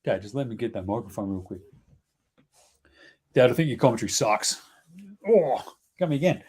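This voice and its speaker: A man's voice: medium pitch, lively intonation, normal speed, pauses often, darkish tone, breathy edge. Australian male host, casual live stream banter, joking and chatty. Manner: joking, chatty, talks to his baby.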